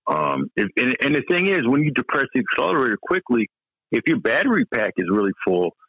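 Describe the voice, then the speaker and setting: Excitable rambling man. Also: medium pitch, fairly quick, slightly rough, no room sound, dull audio. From American South. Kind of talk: casual chat.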